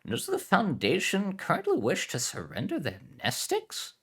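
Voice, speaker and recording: A man voicing a playful, scheming middle-aged mother who drags her words out slowly as she bargains. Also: a little high, wildly swooping pitch, creaky, fairly bright tone, slightly rough, pitched above the performer's own voice, full character voice. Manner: slow, drawn-out and teasing.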